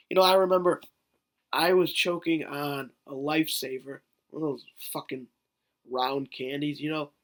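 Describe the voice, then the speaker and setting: A man's voice: a little high, a bit bright. A man telling a story in a rambling, joking way on a casual vlog, swearing now and then. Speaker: vlogger.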